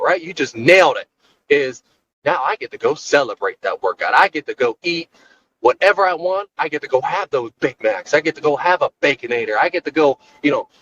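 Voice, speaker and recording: A man with a fairly high voice talks in an animated, jokey rant, firing rhetorical questions. He records it in his car on the way to work. The sound is slightly dull and muffled. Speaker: podcast co-host. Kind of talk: solo rant recorded while driving.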